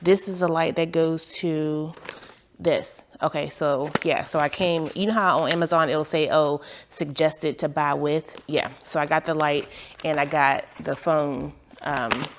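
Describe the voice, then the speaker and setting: A woman vlogger with a lilt talks her way through opening packages at home. Her voice sits low with a gravelly edge, and she rambles in a relaxed way. Clear background noise and crinkling wrappers run under her talk. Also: unhurried. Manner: chatty, rambling, laughs at herself. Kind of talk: casual chat, unboxing. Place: home, on the couch.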